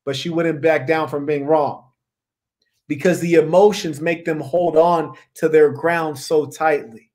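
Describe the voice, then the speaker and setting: A man's voice: fairly high pitch, steady tone, measured pace, a little mellow. Emphatic, preachy man hosting a talk. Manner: emphatic and preachy, repeating key words. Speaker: podcast host. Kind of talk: opinionated discussion.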